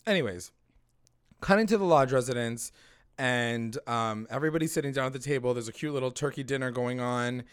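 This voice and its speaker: A man with a smooth, clear voice, chatting casually as a podcast co-host. He tells the episode in an animated way, slipping into characters' lines and swearing freely. His pitch sits in a middle range. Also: fairly quick. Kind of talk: casual chat.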